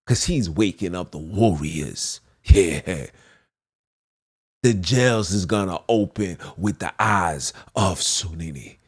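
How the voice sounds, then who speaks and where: A man's voice: on the low side, a little mellow, husky. A man preaching a fervent, repetitive monologue as a podcast host, slipping into archaic scripture phrasing.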